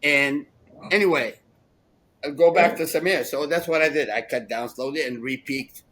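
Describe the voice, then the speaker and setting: Sixties male co-host, animated rambling storyteller, slightly high pitch. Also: normal speed, poor audio. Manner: rambling, animated, laughs often. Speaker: podcast co-host. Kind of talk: casual storytelling chat.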